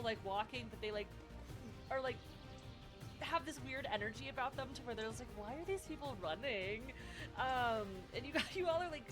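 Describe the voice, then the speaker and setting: A woman narrating as dungeon master of a tabletop game, chatty and full of fillers. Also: on the high side. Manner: chatty, laughing, lots of fillers.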